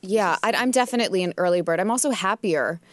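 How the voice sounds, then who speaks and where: Woman chatting, kinda hesitant, lots of ums, mid pitch, dry sound. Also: fast, dry recording. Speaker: panelist asking questions. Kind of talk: casual chat.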